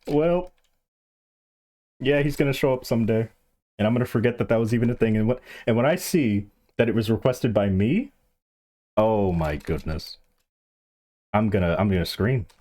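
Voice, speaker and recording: A man's voice: on the low side, moderate pace, long pauses. A man streaming a game, chatting casually and animatedly to the players with him. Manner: animated, yelps and laughs, chats to other players.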